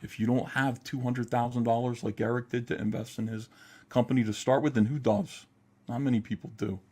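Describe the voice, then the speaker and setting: A man's voice: medium pitch, steady tone, brisk, a little mellow. A man hosting a livestream, talking in a heated, profane, emphatic way while ranting and reading chat. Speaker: livestream host.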